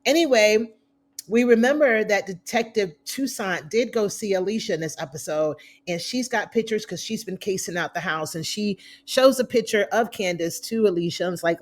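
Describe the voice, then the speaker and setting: A woman talks through a TV episode recap in a relaxed, chatty way, her voice sitting at a middle pitch. She fills the gaps with casual asides and slips into the characters' lines as she retells the scenes. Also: moderate pace. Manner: conversational with frequent fillers and asides. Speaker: TV recap reviewer.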